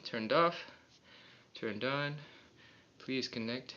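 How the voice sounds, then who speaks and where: A man's voice: medium pitch, very slow, sharp tone, a little hiss or hum. A man leads a live stretching class, talking casually and calling out each rep. His voice comes from a distance in an echoey room. The sound is muffled and lo-fi. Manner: chatty, self-mocking, counts reps aloud. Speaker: stretching instructor. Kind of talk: live follow-along workout coaching. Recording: roomy, distant, dull lo-fi.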